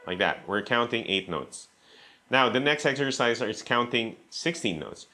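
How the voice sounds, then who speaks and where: A man's voice: medium pitch, big pitch swings, normal speed. A man teaching a beginner guitar lesson, patiently explaining and counting beats aloud, saying okay often. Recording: loud guitar playing behind the voice.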